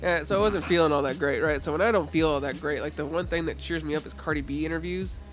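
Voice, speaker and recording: Animated high-voiced man telling a story. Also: fast, faint music behind. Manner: laughing, profane, animated storytelling. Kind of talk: casual storytelling chat.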